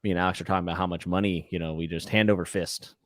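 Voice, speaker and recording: A man hosting a casual podcast livestream, relaxed and laughing often as he reads out chat comments. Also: sits low, racing, dry recording, clean studio sound. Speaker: podcast host.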